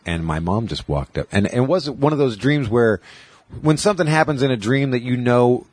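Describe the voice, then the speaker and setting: Husky man in his forties telling stories. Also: medium pitch, animated, a little fast, a little mellow, dry recording. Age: 40s. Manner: rambling storytelling, quoting others in raised voices. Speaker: podcast host. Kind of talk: casual chat.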